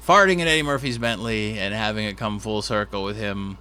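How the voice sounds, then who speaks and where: A man's voice: on the low side, brisk, sharp tone, smooth. A man who is a stand-up comedian, telling a rambling, self-deprecating story with restarts and asides. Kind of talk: storytelling monologue.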